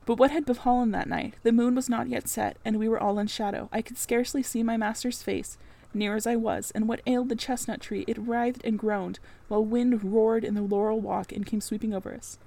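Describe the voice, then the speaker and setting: Gravelly-voiced woman narrating a classic novel. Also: on the high side, fairly even intonation, brisk, few pauses, dark tone. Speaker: audiobook narrator. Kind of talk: first-person novel narration.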